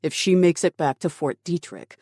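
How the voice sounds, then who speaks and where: An audiobook narrator voicing a ruthless male military commander who speaks coldly and dismissively, with quiet menace. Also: mid-range voice, moderate pace, husky, dry recording, clean studio sound, pitched above the performer's own voice, close to an everyday voice. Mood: menacing.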